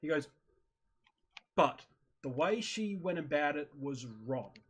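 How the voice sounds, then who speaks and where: A man's voice: on the high side, animated, slow pace, slightly rough. A man chatting casually over voice chat, animatedly retelling a video he watched and acting out his own reactions. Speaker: streamer in voice chat. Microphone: headset or desk mic on voice chat.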